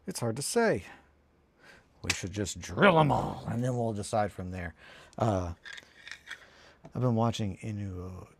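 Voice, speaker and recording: A man rambles through a casual hobby livestream, with a lively voice that jumps up and down in pitch. He talks loosely, drifts between topics and answers his chat as he works. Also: measured pace, vocal fry, pauses often, slightly rough. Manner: rambling, animated, breaks into quoted cartoon lines. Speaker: streamer.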